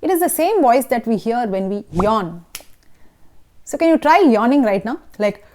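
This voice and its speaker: With a sing-song delivery at a moderate pace, this woman speaks in a fairly high, slightly mellow voice against slight background noise. She's a vocal teacher with an Indian English accent, explaining technique and often checking in with the listener.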